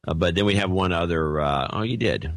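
A man with a low voice talks close to a dry, deadened mic. He co-hosts a podcast in casual banter, reading donor notes aloud in an amused, rambling way. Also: brisk, no echo. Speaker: podcast co-host.

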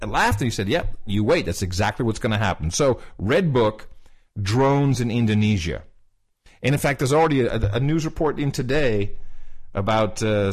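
A man co-hosting a podcast, casually retelling a conversation with lots of fillers, restarts and quoted dialogue. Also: fairly low pitch. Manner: animated retelling, quoting others, many fillers and restarts. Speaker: podcast co-host.

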